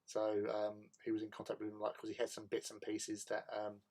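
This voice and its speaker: A man's voice: fairly low pitch, completely flat delivery, brisk, darkish tone. A man hosting a hobby livestream, chatting casually with viewers in a rambling way and laughing often.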